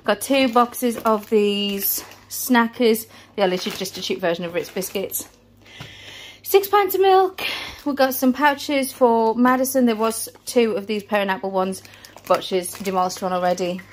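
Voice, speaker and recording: A woman's voice: mid-range voice, moderate pace. A British woman in her thirties, out of breath, chatting casually through a family shopping haul. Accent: British English. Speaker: family vlogger. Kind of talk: casual vlog chat.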